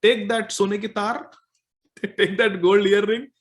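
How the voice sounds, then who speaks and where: A mischievous male deity who coaxes and teases, in a fairly high voice, as a storyteller voices him. He bargains playfully in a devotional tale. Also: flat delivery, slow. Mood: teasing. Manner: coaxing, teasing.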